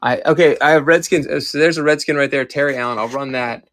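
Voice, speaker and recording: A man's voice: a little high, fast, fairly bright tone, a little hiss or hum. A man from Maryland running a live-stream collectibles auction, chatting casually with viewers while he sorts through items.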